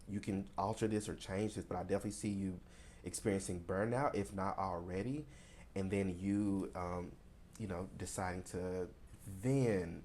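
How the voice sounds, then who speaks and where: A man from Tennessee talks through a tarot card reading in a low voice. He speaks in a loose, conversational way and often pauses with fillers. A faint hiss sits under his voice. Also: darkish tone. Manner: rambling and conversational, many fillers. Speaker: tarot reader.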